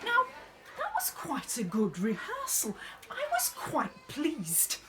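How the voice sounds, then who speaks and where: A woman's voice: high voice, wildly swooping pitch, takes it slowly, heavy background noise, full character voice. A woman playing a fussy, bossy drama director running a school nativity rehearsal, in a theatrical, exasperated comic monologue.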